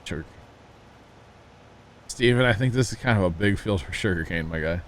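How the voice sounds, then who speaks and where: A man with a deep voice chats casually with his viewers at normal speed while livestreaming a farming game, rambling through folksy stories and asides. A little hiss or hum sits in the audio.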